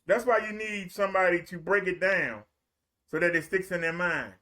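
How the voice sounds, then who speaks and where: A man's voice: sits high, moderate pace, bright, forceful tone. A man preaching a streamed sermon in a colloquial, repetitive storytelling way.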